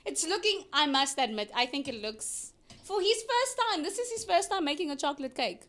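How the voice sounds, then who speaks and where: A woman's voice: high voice, very animated, a little fast, a bit bright. A woman co-hosting a casual chat, telling stories in a playful, teasing way. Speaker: co-host.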